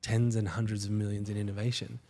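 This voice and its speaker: A man, a company founder, telling stories as a guest in a casual podcast interview, with enthusiasm and quick asides. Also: on the low side, flat delivery, a little mellow.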